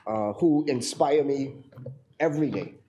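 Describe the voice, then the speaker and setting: A hoarse man with a Bahamian accent giving a parliamentary debate speech, halting, with fillers and repeated words. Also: mid-range voice, dark tone, a little hiss or hum. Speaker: member of parliament.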